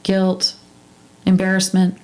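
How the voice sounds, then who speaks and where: A woman talking in an earnest, halting way, with many fillers and restarts, in a casual heartfelt conversation. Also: medium pitch, monotone, darkish tone. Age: adult with two daughters.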